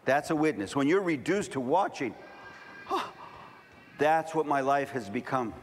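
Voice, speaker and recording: A middle-aged man preaching a sermon, telling stories and building to fervent shouting. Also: medium pitch, expressive, measured pace, slight background noise. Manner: storytelling, rising to fervent shouting.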